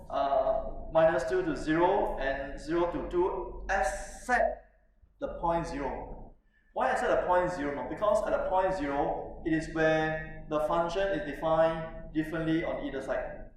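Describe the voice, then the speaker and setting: A man's voice: on the high side, normal speed. A man teaching a math class, chatting with students and asking "no?" often, with lots of fillers. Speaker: math lecturer. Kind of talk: live classroom lecture. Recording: echoey classroom from far off, faint noise.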